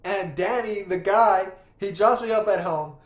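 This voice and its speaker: A man's voice: sits high, unhurried, echoey room. A young man telling a story in a rambling, profane, casual way, often restarting his sentences while he plays a game. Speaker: vlogger.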